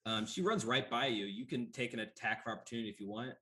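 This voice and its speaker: Measured man running a tabletop game. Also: medium pitch, bright, forceful tone. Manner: measured, unhurried with frequent pauses. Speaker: game master.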